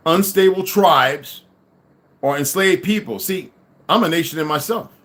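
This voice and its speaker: A man's voice: fairly high pitch, expressive, normal speed, fairly bright tone. A middle-aged man delivering an angry, profane ranting monologue to his audience, swearing and insulting as he goes. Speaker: livestream host.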